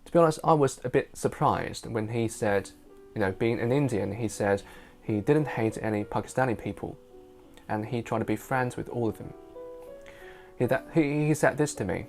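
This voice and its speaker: A man's voice: medium pitch, moderate pace, a little mellow, faint music behind. A man whose first language is Chinese, an interpreter, telling a personal story in casual English for learners. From China. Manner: casual, chatty.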